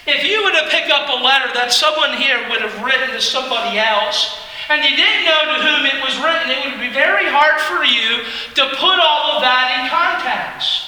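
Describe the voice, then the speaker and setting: A male pastor preaching a Sunday morning sermon in a church, emphatic, rising to shouts on key phrases and dropping low for the conclusions. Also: moderate pace. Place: church sanctuary. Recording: long hall reverb.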